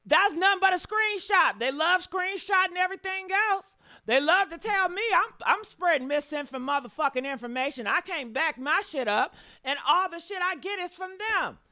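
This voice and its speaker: Woman stream host, high bright voice, loud and profane, exclaiming. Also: lively intonation, normal speed. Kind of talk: heated live-stream commentary.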